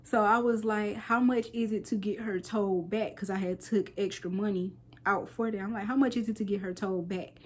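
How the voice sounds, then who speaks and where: A woman in her thirties telling a story in a casual vlog. She is chatty and animated, with slangy asides and playful, softly whispered quips. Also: medium pitch, moderate pace, few pauses. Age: 30s. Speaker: lifestyle vlogger.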